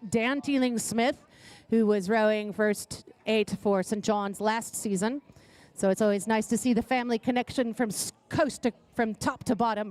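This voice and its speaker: A woman's voice: fairly high pitch, darkish tone. A woman co-commentating a rowing regatta, chatting about athletes' families and pointing out incidents on the water. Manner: chatty, adds background on athletes and flags incidents. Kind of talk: live sport commentary.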